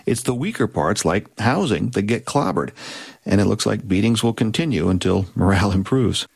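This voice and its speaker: A male correspondent walks through economic news on the radio, plain-spoken with the odd wry aside. His voice is fairly low, and the studio sound is dry and close. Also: animated, normal speed, gravelly, slightly rough, dry recording.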